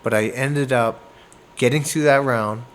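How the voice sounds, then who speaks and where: A man from Canada, a boxer, telling a fight story in a casual interview, animated and acting out moments with sound words. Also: medium pitch, a little slow, a little hiss or hum. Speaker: boxer guest.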